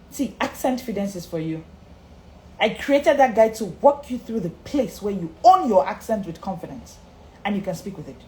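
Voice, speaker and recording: A woman's voice: mid-range voice, darkish tone. A woman confidence coach giving an emphatic live-streamed motivational talk, repeating her key lines and greeting viewers by name. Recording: echoey room with faint ambience.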